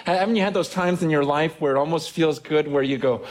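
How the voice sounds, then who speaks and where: A man delivering a sermon as a pastor, his voice sitting a little on the high side. He talks like he's telling stories to friends, looping back and restarting phrases as he goes. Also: fast talker. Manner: conversational storytelling with frequent restarts.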